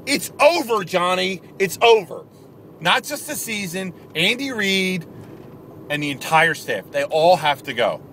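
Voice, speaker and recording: A man's voice: high-pitched, sing-song, unhurried, fairly bright tone, a little hiss or hum. A man angrily ranting as a vlogger in sports commentary, emphatic and repetitive, recorded outdoors. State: angry. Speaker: video blogger.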